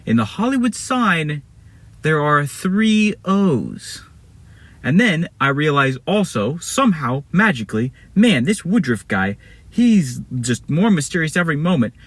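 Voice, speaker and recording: Husky guy telling a goofy adventure story, voice jumps all over, rambles and fixes himself. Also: medium pitch. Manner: animated, rambling, corrects himself mid-story. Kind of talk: casual spoken storytelling.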